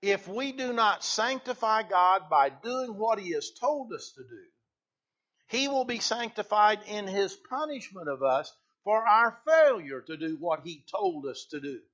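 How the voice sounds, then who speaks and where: A man's voice: animated, unhurried. Dull lo-fi recording of a man preaching. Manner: swells loud on key phrases, then drops low. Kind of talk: sermon.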